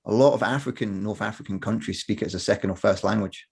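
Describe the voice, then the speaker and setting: A man's voice: on the low side, quick pace, vocal fry, a little mellow, husky. A young man co-hosting a podcast in casual chat, chatty and laughing along. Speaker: podcast co-host.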